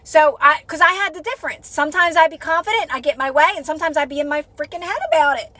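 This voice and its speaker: A woman's voice: sits high, quick pace, sharp tone, no room sound. A woman coaching her viewers on a casual live stream, earnest and repetitive, often checking in with "right?". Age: adult with a child. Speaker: manifestation coach. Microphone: phone.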